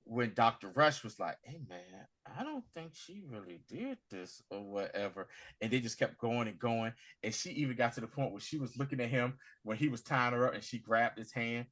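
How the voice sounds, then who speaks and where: Male co-host, bright voice, acts out scenes with lots of energy while recapping an episode. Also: mid-range voice, brisk, few pauses. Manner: animated storytelling, acting out scenes in voices. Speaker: podcast co-host. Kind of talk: casual TV recap chat.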